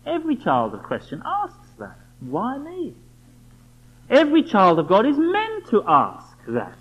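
A man's voice: sits high, wildly swooping pitch, moderate pace, slightly rough. Man, sermon, emphatic rhetorical questions, lo-fi muffled recording. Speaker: preacher. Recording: dull lo-fi recording.

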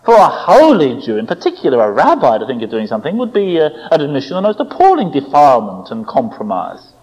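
A man preaching a sermon, with expressive delivery, rhetorical tag questions and dramatic quoted voices. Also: mid-range voice, fast. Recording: dull lo-fi recording.

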